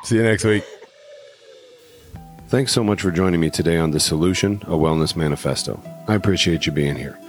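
A man hosting a wellness podcast, explaining in an earnest, measured way. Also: deep voice. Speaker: podcast host. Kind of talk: casual podcast chat.

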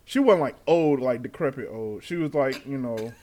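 A man's voice: medium pitch, normal speed. A man in his twenties, a podcast host, telling a story in casual chat and acting out the people in it with laughs. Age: 20s. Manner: animated, acts out quotes with laughs.

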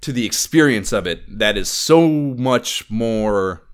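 A man rambles through a casual podcast chat about games. His pitch rises and falls a lot. He swears constantly and packs his talk with fillers. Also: expressive, takes it slowly, clean tone. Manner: rambling, profane, filler-heavy. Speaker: podcast co-host.

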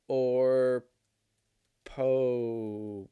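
A man's voice: medium pitch, normal speed, no echo. Profane rambling young man, dry sound. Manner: profane, animated storytelling, laughs at himself. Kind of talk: casual rambling monologue.

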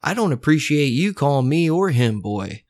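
A man putting on a tough young Italian-American soldier, brash and defiant, who swears freely and won't back down. The voice sits a little higher than the narrator's own and comes across dry and close. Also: very animated, moderate pace, a little mellow, no echo. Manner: blunt, profane, brash.

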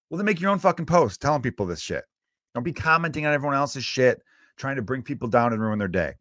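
A man's voice: medium pitch, big pitch swings, fast, fairly bright tone, no room sound. Profane ranting man, dry sound. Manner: loose, rambling with many fillers. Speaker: podcast host. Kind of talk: solo podcast rant.

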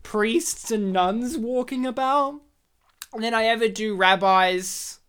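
A woman, co-hosting a podcast and telling a story in a lively, laughing way. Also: on the high side, slow, smooth. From Australia. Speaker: podcast co-host. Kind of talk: casual chat, storytelling.

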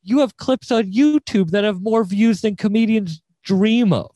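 Young podcast host with a higher voice. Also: male voice, unhurried, mellow, dry recording. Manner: probing, rambling questions. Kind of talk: casual podcast chat.

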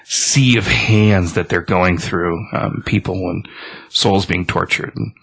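A man casually recapping a comic book story in a relaxed, rambling way. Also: low voice, slow, creaky, breathy edge. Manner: relaxed, rambling retelling with fillers.

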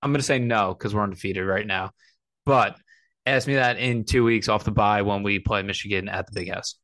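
A man with a lowish voice hosts a laid-back sports talk show, pausing on "um" and "uh" as he goes. His delivery is loose and unpolished, with casual cursing. The sound is dry and close, with no room around him. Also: no echo. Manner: relaxed, hesitant, drops fillers and swears. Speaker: podcast host. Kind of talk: casual sports podcast chat.

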